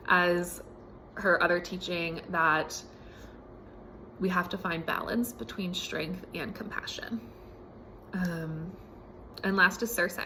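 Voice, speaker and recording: Woman podcast host, casual spiritual chat, gravelly voice, lots of fillers, recorded at home with faint background noise. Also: on the low side. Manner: relaxed, with many fillers like "um" and "right?".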